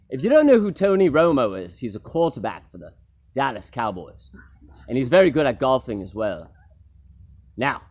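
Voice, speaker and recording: A man's voice: a little high, a little mellow. A young man telling a rambling, improvised comic story at a talent show, with many fillers.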